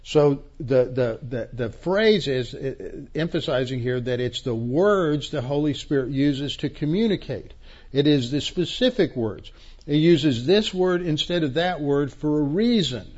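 A man's voice: a little high, expressive, unhurried, a little mellow, highs cut off. Man teaching Scripture emphatically. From Texas. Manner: emphatic, repeats key words, frequent restarts. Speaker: pastor teacher. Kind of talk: expository Bible teaching.

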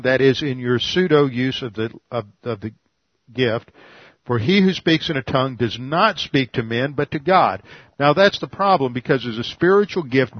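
Measured man teaching scripture, muffled dry sound. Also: medium pitch, dry recording. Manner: measured, deliberate lecturing with occasional restarts. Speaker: pastor. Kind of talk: expository Bible teaching.

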